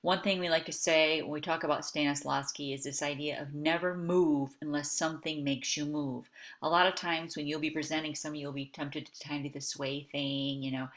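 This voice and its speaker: A woman's voice: deep voice, fairly even intonation, fairly quick, a bit bright. A woman instructor giving a recorded video lecture in a conversational way, often checking in with "okay?".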